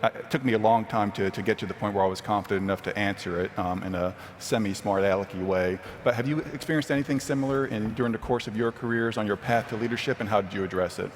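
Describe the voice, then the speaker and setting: A man from New Jersey moderating a conference panel in a measured way, with many filler sounds. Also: fairly low pitch. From New Jersey, USA. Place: large conference hall. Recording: reverberant hall, faint noise.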